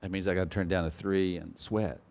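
A middle-aged male pastor preaches quickly in a level tone with vocal fry, posing rhetorical questions to the congregation. He lurches from sudden loud, high, emphatic bursts into quiet anecdotes.

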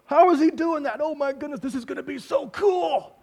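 A man's voice: fairly high pitch, animated, fairly quick, darkish tone, breathy edge. A man voicing eager disciples in a storm. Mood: thrilled. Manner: eager, breathless encouragement. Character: excited group of male disciples in a storm.

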